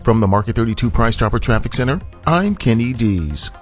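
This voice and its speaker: Brisk male traffic reporter, music bed. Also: mid-range voice, lively intonation. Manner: brisk, informative.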